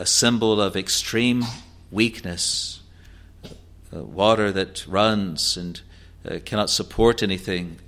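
Male preacher, low voice, very slow and halting delivery, verse-by-verse sermon full of fillers. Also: a bit bright. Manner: slow and halting, frequent "uh" fillers and self-corrections; reads scripture in an older, formal register. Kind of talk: sermon exposition of scripture.

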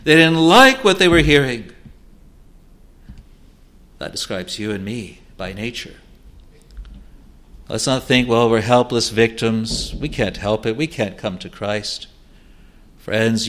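A man preaching a sermon in an earnest, pleading way, swinging between loud urging and hushed low asides. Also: level tone, unhurried.

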